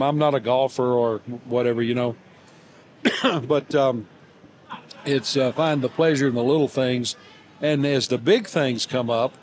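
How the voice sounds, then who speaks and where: An older man, a guest in an interview, telling warm everyday stories in a halting, gently humorous way, with many fillers and restarts. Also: medium pitch, slight background noise. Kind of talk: reflective storytelling interview.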